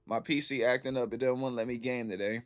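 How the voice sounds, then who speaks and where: Chatting casually with his stream audience, a thirtysomething man with a medium-pitched voice talks quickly. He's telling a lively, slang-filled story, repeating things for emphasis.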